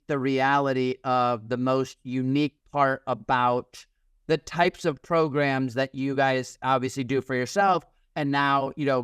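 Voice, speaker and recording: A man's voice: mid-range voice, clean tone, dry recording, studio quality. A man hosting a podcast interview, thoughtful and conversational. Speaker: podcast host.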